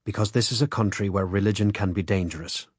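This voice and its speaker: A quiet, secretive Irish father speaks in short, low, hushed words, as a male audiobook reader puts him on. His voice sits low and a little husky, recorded dry and close with no room around it. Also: fast, dry recording. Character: quiet, guarded Irish father, middle-aged man.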